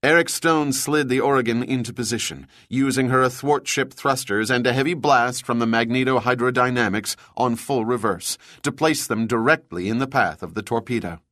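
A male audiobook narrator reads with a steady, measured delivery at a mid pitch. The sound is dry and close with no room around it. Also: no echo. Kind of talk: scripted narration.

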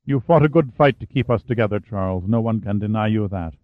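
A man's voice: lowish voice, a little fast, dry recording, natural voice. A man voicing an earnest English-Canadian deputy prime minister, anxious and protesting. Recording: phone-like narrow band, dry.

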